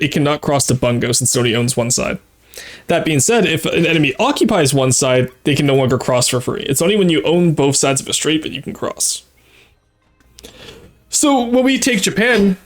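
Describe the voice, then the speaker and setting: Man thinking aloud over a game. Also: mid-range voice. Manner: thinking aloud, explaining tactics with frequent fillers. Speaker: streamer playing a strategy game. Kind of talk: casual live-stream commentary.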